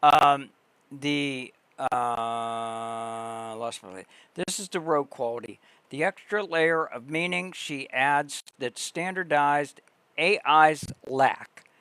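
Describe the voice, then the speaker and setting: A man hosting a livestream, reading a long text aloud slowly and deliberately, pausing and restarting words. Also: medium pitch, fairly bright tone, clean tone, no room sound. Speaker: livestream host.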